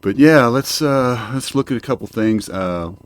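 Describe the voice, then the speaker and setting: A man's voice: mid-range voice, lively intonation, normal speed, slight background noise. An older man ranting at home into a desk microphone, profane and rambling, often stalling on fillers. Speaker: home video show host. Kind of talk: ranting monologue. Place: home, indoors.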